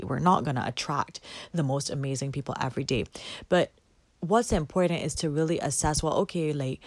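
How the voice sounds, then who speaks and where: A woman giving a casual motivational talk, animated and emphatic, repeating words for effect. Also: low-pitched, dry recording. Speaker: motivational vlogger.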